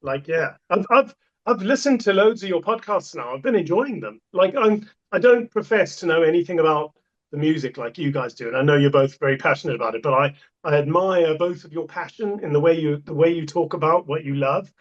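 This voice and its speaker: A man's voice: on the high side, animated, a little fast. A man, a podcast guest, telling stories in a casual, emphatic way and repeating himself for effect. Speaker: portable toilet supplier, podcast guest. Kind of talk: casual storytelling. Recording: dull lo-fi sound.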